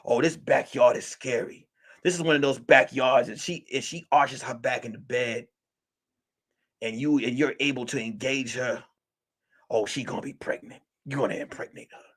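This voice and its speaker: A male comedian telling a mock film-noir detective story in slow, dramatic narration with crude asides. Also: medium pitch, steady tone, fairly bright tone. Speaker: comedian and podcast host.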